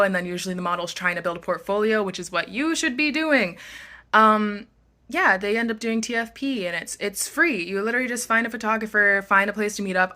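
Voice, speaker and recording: A woman's voice: medium pitch, pushed and bright. A young woman in her bedroom giving frank, upbeat advice in a casual vlog. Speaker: model and vlogger. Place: bedroom at home.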